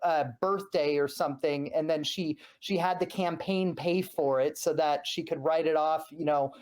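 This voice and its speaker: A man speaking as a podcast guest, telling an animated story full of acted-out quotes and frequent restarts. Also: on the high side, moderate pace. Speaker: guest, former journalist. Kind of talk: heated podcast conversation.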